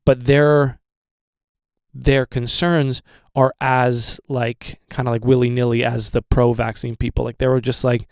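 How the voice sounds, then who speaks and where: A man's voice: medium pitch, little pitch movement, measured pace, clean tone, no room sound. A young man hosting a podcast, rambling casually with lots of fillers and swearing. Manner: rambling, profane, with many fillers. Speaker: podcast host.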